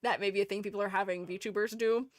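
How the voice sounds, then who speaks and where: A woman streamer chatting casually with her live audience, giggling often and playfully animated. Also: mid-range voice, fast, dry recording. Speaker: streamer and art educator.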